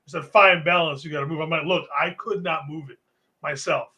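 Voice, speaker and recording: A man on a casual home sports podcast tells a rambling story with plenty of swearing. His voice sits a little high and rings bright. He talks loose and laid-back, like he's among friends. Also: steady tone, a little fast. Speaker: podcast co-host.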